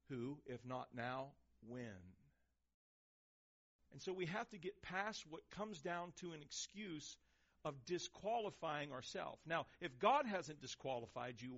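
A man preaching a sermon, swinging between loud emphasis and hushed, quiet lines. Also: a little high. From Texas, USA. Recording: dull lo-fi recording.

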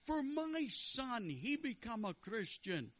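A man voicing an older male rabbi in a joke, with slow, drawn-out accented delivery. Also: extremely high pitch, very animated, fairly bright tone, muffled recording, voice pushed up, heavily acted. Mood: puzzled.

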